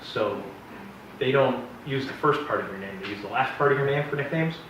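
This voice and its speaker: A man gives a relaxed Bible history lecture to a class, drifting into joking side remarks. He is picked up from across a very echoey room, and the sound comes through dull and muffled under a faint hiss. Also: medium pitch, brisk, far from the mic. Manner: chatty, digressive, joking asides. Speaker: Bible teacher. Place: classroom with a live audience.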